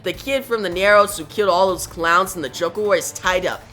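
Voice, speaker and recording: A woman voicing a glib, teasing female antihero in a comic reading, with a slightly low but bright voice. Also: a little fast, faint music behind, close to an everyday voice. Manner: playful, mocking, breezy.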